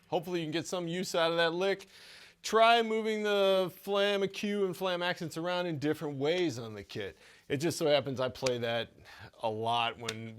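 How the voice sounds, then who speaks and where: A man's voice: fairly high pitch, clean tone. Easygoing man teaching drum rudiments. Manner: relaxed, stammering restarts, chuckles. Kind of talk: casual video lesson.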